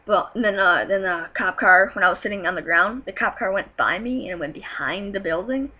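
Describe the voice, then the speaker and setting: A woman's voice: mid-range voice, fairly quick. A woman telling a story in a rambling, profane, giggly way, in casual storytelling. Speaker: vlogger. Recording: muffled lo-fi with faint hiss.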